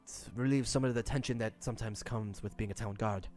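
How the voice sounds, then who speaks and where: A man's voice: lowish voice, fairly even intonation, fast talker, a little mellow, faint music behind, voice pushed down, lightly acted. A man voicing a polite, dutiful male town guard who talks hesitantly, with many fillers and restarts. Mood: earnest.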